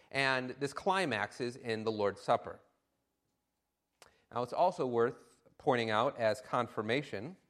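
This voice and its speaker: A man preaching a sermon in an animated, emphatic way, with occasional fillers. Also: mid-range voice.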